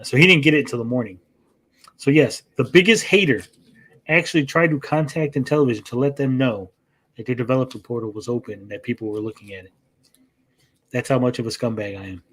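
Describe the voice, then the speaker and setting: A man's voice: medium pitch, fast, a bit bright. A man hosting a reaction stream, telling a long story in casual chat, often ending sentences with "right?" and acting out quoted lines in a raised voice. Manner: acts out quoted exchanges in a raised voice.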